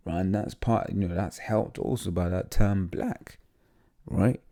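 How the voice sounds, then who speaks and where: Gravelly deep-voiced man teaching scripture. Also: fairly even intonation, mellow. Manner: halting, full of fillers and restarts; reads passages aloud haltingly. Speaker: religious teacher.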